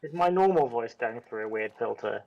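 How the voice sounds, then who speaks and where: A man's voice: mid-range voice, expressive, brisk, vocal fry, lo-fi sound. A man playing a tabletop game, chatty and rambling. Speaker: player. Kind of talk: casual tabletop role-play.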